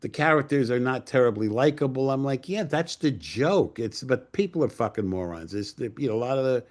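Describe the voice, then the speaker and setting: An older man from New York spins stories in a relaxed interview. He swears freely and drops into other people's voices as he quotes them. His voice sits at an ordinary middle pitch. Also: a little fast. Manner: profane, animated anecdotes with acted-out quotes. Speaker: screenwriter and director guest. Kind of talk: casual storytelling interview.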